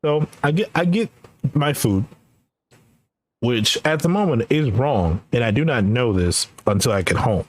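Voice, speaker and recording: A young man streaming, telling a rambling, animated story in casual chat and laughing often. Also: mid-range voice, unhurried. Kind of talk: casual chat while gaming.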